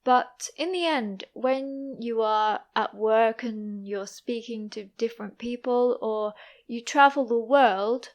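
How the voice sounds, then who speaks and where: A young woman with an East Midlands English accent teaches English in a clear, unhurried monologue. She talks slowly and pronounces each word with care. Her voice sits a little high. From East Midlands, England. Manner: careful, deliberate pronunciation. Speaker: English teacher, podcast host.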